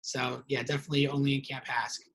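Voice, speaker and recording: A young man hosting a casual interview, who tells animated stories and acts out the quotes in them. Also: mid-range voice, fast, low-quality recording. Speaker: podcast host.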